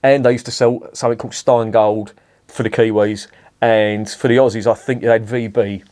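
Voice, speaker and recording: A man's voice: lowish voice, fairly even intonation, normal speed, darkish tone. A middle-aged man, reviewing a beer in a casual, rambling monologue, swearing freely and breaking off into asides.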